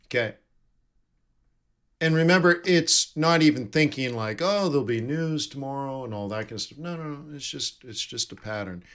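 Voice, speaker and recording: A man's voice: medium pitch, expressive, normal speed, fairly bright tone. A man giving live trading commentary, thinking aloud and correcting himself as he reads numbers off charts. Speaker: forex trading streamer.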